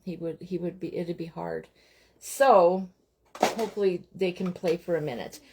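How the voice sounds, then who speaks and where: A woman's voice: fairly low pitch, steady tone, normal speed, background noise. A woman chatting casually with her viewers as she crafts at home, often breaking off to speak to her young children. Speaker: host of a live crafting stream. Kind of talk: casual chat while crafting.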